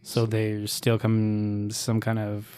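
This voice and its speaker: A man's voice: lowish voice, completely flat delivery, slow pace, dark tone, clean tone. A young man co-hosting a podcast in casual chat, skeptical and joking, swearing freely. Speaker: podcast co-host.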